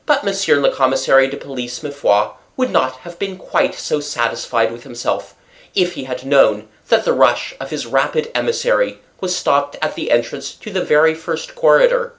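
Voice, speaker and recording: An audiobook narrator reading a classic novel in an expressive, varied way. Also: mid-range voice, moderate pace.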